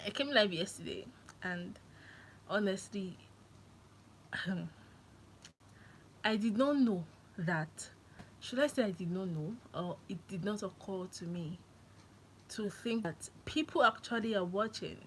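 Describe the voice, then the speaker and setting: A young woman from Nigeria chatting on a live stream from her phone, excitable and laughing often. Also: mid-range voice, takes it slowly, pauses often, a little hiss or hum, low-quality recording. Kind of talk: casual live-stream chat.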